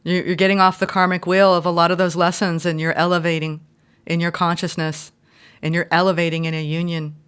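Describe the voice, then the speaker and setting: A woman giving an intuitive tarot reading, heartfelt and effusive, sometimes reading card meanings aloud in a gentle, spiritual manner. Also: lowish voice, little pitch movement, fairly quick, clean tone. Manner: emotional and effusive. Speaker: tarot reader.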